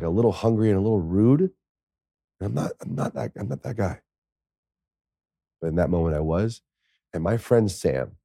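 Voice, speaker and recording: An American man in his thirties, a podcast guest, telling stories in a casual, lively way, swearing now and then. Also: low voice, no room sound, studio quality. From United States. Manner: lively, swears, acts out quoted speech. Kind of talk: casual storytelling.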